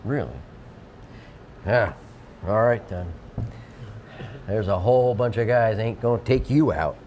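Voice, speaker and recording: A man's voice: lowish voice, unhurried, a little mellow, slight background noise. A man hosting a local TV talk show, joking and rambling with frequent restarts. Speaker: TV show host. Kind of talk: casual studio banter.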